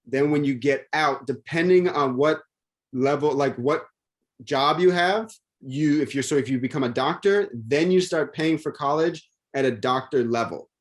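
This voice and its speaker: A man in casual conversation, rambling and animated, with many restarts and fillers. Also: on the high side, normal speed.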